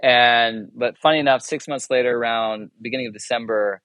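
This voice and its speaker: Guy telling a long story on a podcast, lots of restarts and little laughs, plays out the voices, medium pitch, dry room. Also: fairly even intonation, brisk, fairly bright tone, no room sound. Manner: rambling, self-interrupting, chuckles often; acts out dialogue in his anecdotes. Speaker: guest, military chaplain. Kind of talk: casual storytelling interview.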